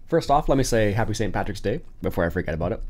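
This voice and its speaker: A young man with a low, deep voice hosts his daily vlog. He chats in an easygoing, meandering way, often pausing on "um" and correcting himself mid-sentence. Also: lively intonation, darkish tone. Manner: rambling, easygoing, with frequent ums and self-corrections. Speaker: vlog host. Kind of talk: casual chat to camera.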